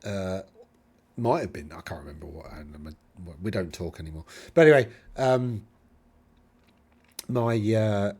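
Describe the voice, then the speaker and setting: A man's voice: low voice, lively intonation, moderate pace, long pauses, darkish tone, breathy edge. A middle-aged man speaking received-pronunciation English with slight Lincolnshire traces, rambling off-topic in a casual monologue as a podcast host. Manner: rambling and digressive, hesitant.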